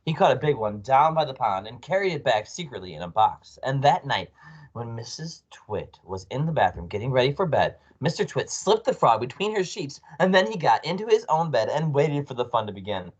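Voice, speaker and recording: A man reading a children's book aloud as storyteller, expressive with small slips. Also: medium pitch, fairly quick, breathy edge, dull audio. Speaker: storyteller, read-aloud narrator.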